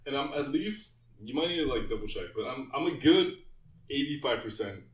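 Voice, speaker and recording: A man's voice: medium pitch, expressive. Giggly man in an echoey room. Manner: quick, giggly storytelling. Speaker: podcast co-host. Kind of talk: casual chat. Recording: roomy echo.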